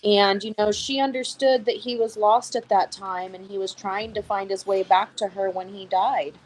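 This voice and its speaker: A woman guest on a podcast speaks in a heartfelt, reminiscing way. Her voice sits at an ordinary middle pitch. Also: fairly even intonation, normal speed, poor audio. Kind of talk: casual interview chat.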